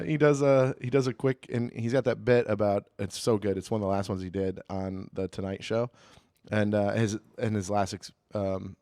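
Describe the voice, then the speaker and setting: A man's voice: fairly low pitch, a little mellow, smooth, no echo. A young man co-hosting a comedy podcast, rambling and joking, swearing freely into a studio mic. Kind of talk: casual chat. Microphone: studio mic with headphones.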